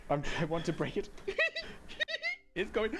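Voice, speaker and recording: A man's voice: high voice, a bit bright, husky. A British man chatting casually with viewers while he streams a game, greeting them by name and laughing often. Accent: British English. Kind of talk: casual live-stream chat while playing.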